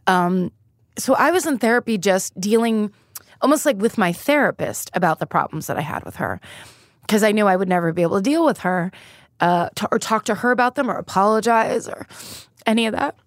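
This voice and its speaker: A woman's voice: mid-range voice, animated, brisk, no echo, studio quality. A woman comedian telling frank, profane stories in a candid interview, laughing through grim moments. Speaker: comedian guest. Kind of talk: candid conversational storytelling.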